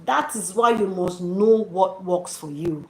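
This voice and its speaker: A woman's voice: on the low side, measured pace. A woman giving her viewers casual, preachy motivational advice and calling them dearies. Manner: encouraging, preachy, addresses viewers as dearies and sis. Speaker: YouTube channel host. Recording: echoey room with faint noise.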